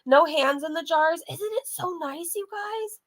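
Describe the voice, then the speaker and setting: A woman's voice: very high-pitched, measured pace, a bit bright. A woman hosting a casual reaction channel, chatting to her viewers and laughing often.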